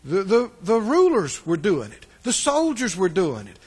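A man's voice: sits high, huge pitch swings, a little slow, darkish tone, husky. A pastor preaching a sermon, emphatic and questioning his listeners. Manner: emphatic, asks the congregation questions.

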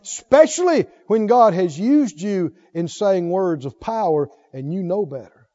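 A man preaching a sermon, emphatic, swinging from loud exhortation to hushed intensity. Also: high-pitched, expressive, a little slow. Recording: dull lo-fi sermon recording.

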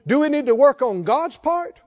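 In this dull, lo-fi recording, a man delivering a sermon speaks with a very high and lively voice. He takes his time, stressing each point as he works up to impassioned appeals.

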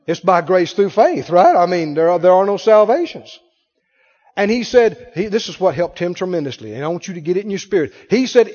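A man's voice: high-pitched, expressive, a little fast, darkish tone. A man preaching a sermon to a congregation, emphatic, acting out the people in the story. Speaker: pastor. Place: church sanctuary with a congregation. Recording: dull sound in a reverberant church hall.

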